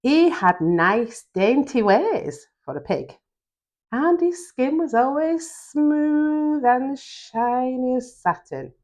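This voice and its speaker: An older woman with a Yorkshire accent reads a children's bedtime story, stopping for chatty homely asides. She takes her time, and her voice rises and falls in a lively sing-song. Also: sits high, slow pace. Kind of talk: reading a children's story aloud.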